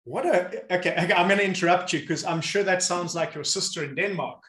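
A man with a fairly high voice tells stories animatedly in a relaxed chat, slipping in and out of the voices of the people he describes. The room echoes noticeably around him. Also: fast. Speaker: movement coach and host. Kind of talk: casual conversation. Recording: roomy echo.

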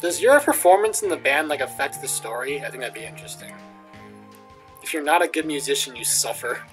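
This gaming video host is a young man with a mid-range, slightly bright voice who talks animatedly and fairly quickly. His casual let's play commentary is jokey, he reads the game's lines aloud and often chuckles, with faint game music in the background.

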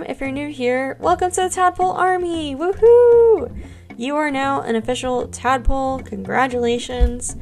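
A young woman streaming a game, chatting casually and gushing thanks to her viewers. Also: high voice. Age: young adult. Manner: bubbly, gushing thanks to chat. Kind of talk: casual live-stream chat while gaming.

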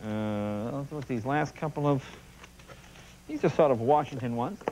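A man hosting a talk show, running a comedic monologue of joke headlines with animated punchlines and asides to the audience. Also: mid-range voice, moderate pace, low-quality recording. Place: TV studio stage. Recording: TV studio with audience laughter and noise. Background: studio audience laughter.

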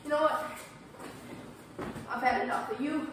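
A woman's voice: high-pitched, measured pace, fairly bright tone, very echoey, distant mic, slight background noise. A woman gaming vlogger playing a fighting game and trash-talking her opponent with playful tough-guy bravado.

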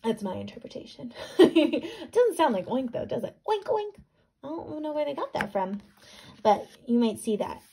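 A woman teacher reading a picture book aloud to young students, animated, asking questions and sounding words out. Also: a little high, normal speed, vocal fry, slightly rough.

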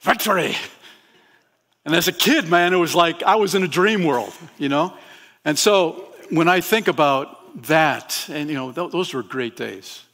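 A man's voice: on the high side, moderate pace, fairly bright tone. A man as pastor, preaching a conversational sermon to his congregation in a church and asking them questions. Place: church sanctuary.

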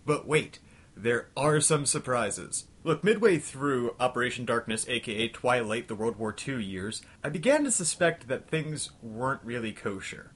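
A young man hosting a comedic game review, ranting in an exasperated, scattershot way and talking himself back to calm. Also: mid-range voice, moderate pace, slightly rough. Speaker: host of a retro game review show.

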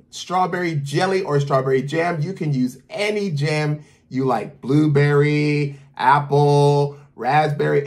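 A host of a children's channel giving a cheerful cooking demo for kids, talking upbeat and calling the young viewers kiddos. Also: mid-range voice.

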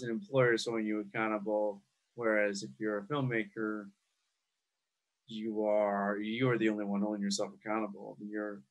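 A young man hosting a podcast, chatting in an easygoing, agreeable way with plenty of "like". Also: fairly low pitch. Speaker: podcast host. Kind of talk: casual chat.

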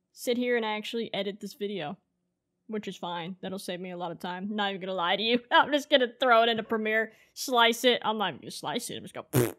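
A woman's voice: medium pitch, fairly bright tone. A woman of twenty-two, a streamer, talking casually to her future self in a loose, rambling way, laughing often and leaning on fillers. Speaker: streamer and content creator.

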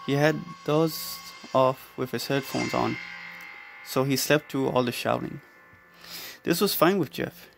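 A man narrating a horror story in a measured, dramatic way, with music underneath. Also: medium pitch, creaky.

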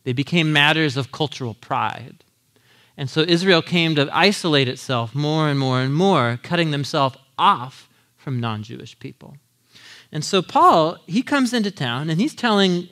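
Animated man preaching a sermon. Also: a little high, normal speed. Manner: animated, acts out quotes in lively voices; casual, conversational, laughs often. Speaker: pastor teaching a Bible series.

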